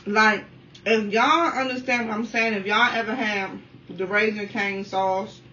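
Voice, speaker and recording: Chatty woman vlogger with a bright voice. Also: medium pitch, steady tone, a little slow. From Washington, D.C. area. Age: 30s. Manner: talkative, keeps addressing viewers as y'all. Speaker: mukbang vlogger. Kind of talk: casual chatty food review while eating. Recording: dull, slightly distant sound with faint room noise.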